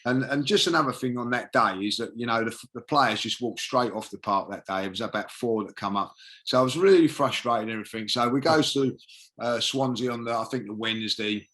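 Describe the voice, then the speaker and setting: A man's voice: mid-range voice, brisk, pushed and bright. A man, a podcast guest telling a long anecdote in a casual, rambling way, full of fillers like "you know what I mean". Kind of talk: casual storytelling.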